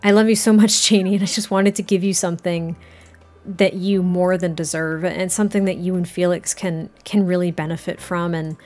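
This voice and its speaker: A woman voicing a halting, tender young man. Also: lowish voice, steady tone, a little mellow, close to an everyday voice. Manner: pleading, halting restarts. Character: earnest, tender young man giving a gift.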